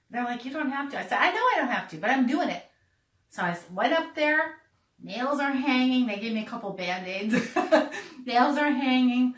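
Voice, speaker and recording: Bright-voiced woman telling a story, echoey. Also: fairly high pitch. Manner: animated, laughing, acts out voices in quotes. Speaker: podcast host telling a personal story. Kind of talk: casual storytelling. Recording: echoey room, a bit far from mic.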